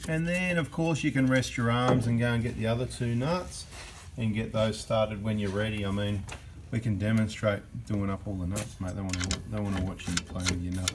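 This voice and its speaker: A man's voice: medium pitch, heavy background noise. An Australian man hosting a vehicle workshop video, talking through the job in a chatty, joking way. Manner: chatty and joking, keeps checking in with "right?" and "mate". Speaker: mechanic and workshop host. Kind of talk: casual workshop commentary.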